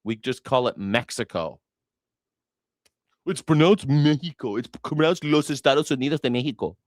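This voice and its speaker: A man's voice: medium pitch, lively intonation, moderate pace, no echo, clean studio sound. An American man hosting a casual news commentary livestream, sarcastic and profane, laughing at his own jokes.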